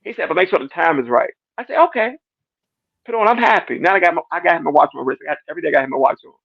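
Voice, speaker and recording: A man sharing a casual church testimony, animated and repetitive, acting out his talks with God. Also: on the high side, racing, gravelly, slightly rough. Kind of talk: casual church panel discussion. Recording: dull lo-fi dry sound.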